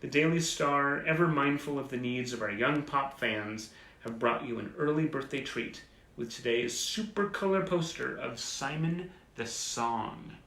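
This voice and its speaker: A chatty man hosts a casual live stream, reading aloud with wry, self-mocking asides. His voice is gravelly and bright. He sounds a bit roomy and echoey, as if recorded live at home. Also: medium pitch, a little slow. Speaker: host. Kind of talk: casual livestream chat reading old clippings. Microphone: phone or webcam on a live stream.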